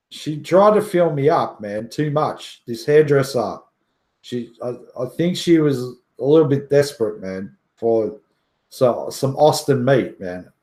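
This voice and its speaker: A man's voice: mid-range voice, darkish tone, echoey room. A man hosting a casual livestream who jokes, boasts, swears casually and laughs often. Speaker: livestream host.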